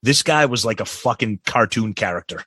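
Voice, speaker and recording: A man co-hosting a podcast, telling a crude, animated story in casual chat. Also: lowish voice, moderate pace, husky, dry recording. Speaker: podcast co-host.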